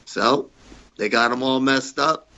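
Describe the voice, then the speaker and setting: A man who is a guest on a podcast, telling stories in a lively way and acting out the other people's lines. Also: mid-range voice, a little slow, dull audio. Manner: animated storyteller who acts out the quoted voices. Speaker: podcast guest, retired wrestler. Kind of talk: storytelling in an interview.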